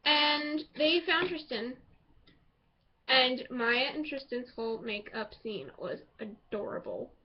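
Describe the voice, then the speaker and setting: A woman's voice: high voice, slow pace. Gushing woman reviewing a TV episode. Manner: gushing, excitable and rambling. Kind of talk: casual spoken review. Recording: dull lo-fi home recording.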